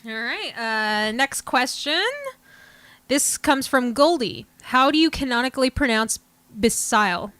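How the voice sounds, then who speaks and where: Woman, fairly high voice, dry close sound, upbeat, reads listener questions. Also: unhurried, fairly bright tone, clear, resonant tone, no echo. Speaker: podcast co-host reading listener questions. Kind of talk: casual chat.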